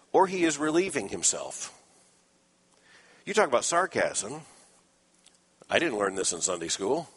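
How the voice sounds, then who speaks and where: A man's voice: medium pitch, sing-song, measured pace, long pauses, fairly bright tone, slightly rough, big-room sound. A man preaching a sermon, explaining scripture earnestly with dry asides.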